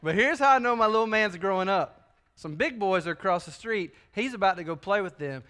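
A man's voice: sits high, lively intonation, brisk, pushed and bright. A male pastor, preaching a sermon in a folksy, joking, conversational way. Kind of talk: sermon with personal stories.

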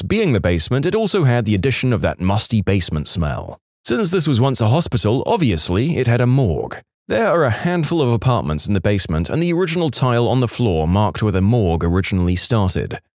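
A man narrating reddit stories in an animated, scripted storytelling manner. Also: fairly low pitch, dry recording, clean studio sound.

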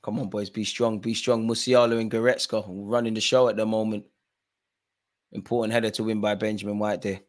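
A man hosting a live football watch-along. He bursts into loud shouts at the players and the referee, then drops to quiet, muttered asides. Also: fairly quick. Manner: excitable, shouts encouragement and complaints at players and referee; drops to low muttered asides between outbursts. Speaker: fan channel host.

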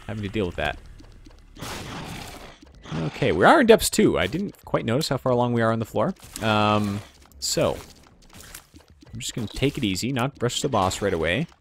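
With a creaky, somewhat low voice and slight background noise, a let's play commentator rambles casually over his gameplay. He pokes fun at himself and adds sound effects and joke impressions.

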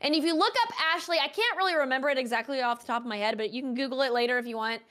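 A woman's voice: high voice, racing. Young woman telling a story animatedly. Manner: animated, heavy use of "like". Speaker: interview guest, streamer. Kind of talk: casual storytelling.

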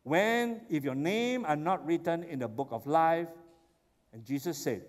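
A man preaching a sermon, telling the story with animated, excited exclamations. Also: on the high side, normal speed. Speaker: pastor. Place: church sanctuary. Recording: long church hall reverb.

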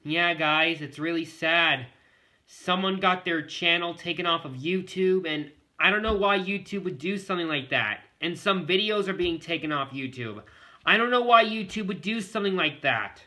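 High, very bright male vlogger. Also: normal speed. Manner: rambling and repetitive, often addressing the viewers. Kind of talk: casual talk to camera.

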